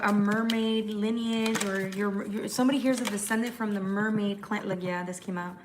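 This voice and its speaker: A woman's voice: medium pitch, a little hiss or hum. Chatty woman reading tarot live. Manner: chatty, fast, repetitive restarts. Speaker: tarot reader.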